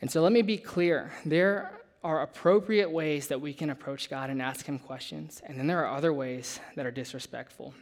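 A young adult man delivering a sermon. He talks in a relaxed, conversational way, breaking into a personal story and turning to his listeners with asides. His voice sits slightly high for a man. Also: normal speed. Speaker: preacher.

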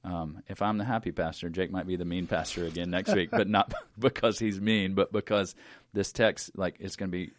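A male pastor with a very low voice chats easily with a co-host, his tone relaxed and gently urging. The sound is close and dry, with no room echo. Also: moderate pace, hardly any pauses. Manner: relaxed, conversational, gently exhorting. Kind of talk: casual podcast chat.

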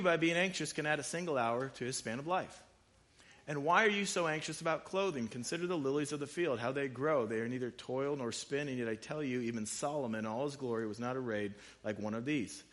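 A man's voice: medium pitch, fairly bright tone. A man preaching a sermon, talking casually and reading scripture aloud with rising emphasis. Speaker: pastor.

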